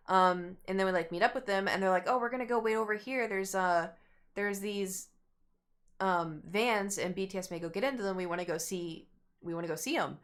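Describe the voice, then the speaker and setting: A young adult woman streamer casually telling a long story to her chat, rambling and acting out what people said. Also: mid-range voice. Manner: rambling, animated, acts out quotes.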